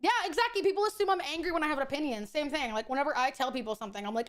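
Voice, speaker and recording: A woman's voice: sits high, rapid-fire, few pauses. A woman streamer chatting casually while gaming, blunt, profane and opinionated. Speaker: VTuber streamer.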